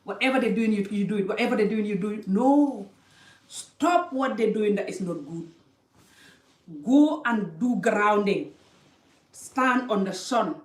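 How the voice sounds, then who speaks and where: In a medium-pitched voice at a measured pace, a woman passionately offers life advice to the camera, stressing points emphatically by repeating phrases and using non-native English grammar. The room is echoey and she's a little distant from the mic.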